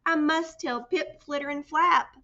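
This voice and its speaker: A woman voicing a young female bat raised by birds, speaking in a high, earnest, excitable way. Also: measured pace, highs cut off, full character voice. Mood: eager.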